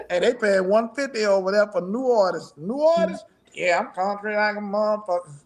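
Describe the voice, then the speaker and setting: A man's voice: sits high, animated, normal speed, slight background noise. A middle-aged man, a musician guest in a casual interview, talking in a rambling, profane way and laughing often.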